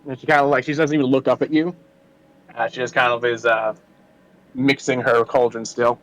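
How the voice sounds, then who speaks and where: A man narrating as game master of a tabletop game, halting with many fillers. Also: mid-range voice, flat delivery, fairly bright tone, rough recording.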